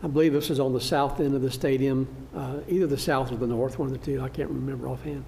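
A man teaching a church Bible class, lecturing through a slide show in a halting way, with frequent fillers and restarts. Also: medium pitch, fairly even intonation, creaky, darkish tone, a little hiss or hum. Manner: good-humored, laughs at his own slip.

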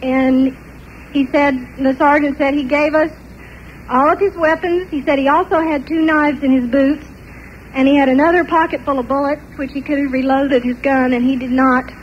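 High-voiced older woman telling a story. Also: moderate pace, muffled recording, a little hiss or hum. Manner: animated, laughs often between parts of the story. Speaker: testimony speaker. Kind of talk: personal storytelling.

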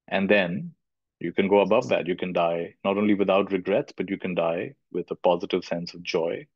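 A low-voiced, middle-aged man from India speaks at normal speed in a thoughtful spiritual talk, teaching and repeating phrases for emphasis. The recording is dull and lo-fi, with no echo.

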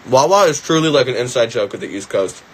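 A man's voice: medium pitch, animated, fast talker, slightly rough. A young man with a Philadelphia accent chatting casually and joking on a livestream, a little stuffy in the sinuses. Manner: rambling, joking, laid-back.

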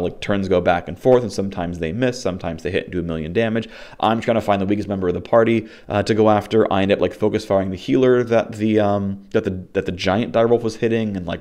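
A young man casually recapping a tabletop game session, rambling with lots of fillers and restarts, and slipping into lively quoted dialogue. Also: sits low.

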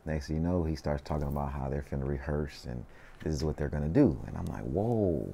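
A man in his thirties with a Southern Californian accent, telling stories in a relaxed, slangy way during a casual interview, full of "you know what I mean". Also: rumbling low, fast talker, vocal fry, slight background noise. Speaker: interview guest, rapper.

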